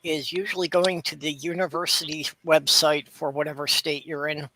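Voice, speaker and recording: A man's voice: fairly high pitch, flat delivery, moderate pace, pushed and bright, slight background noise. A man making dry, matter-of-fact remarks in a casual chat.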